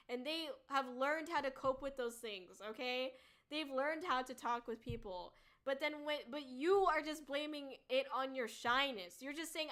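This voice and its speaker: A woman's voice: high voice, moderate pace, fairly bright tone. A woman streamer in casual chat, ranting bluntly and swearing freely. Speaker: VTuber streamer.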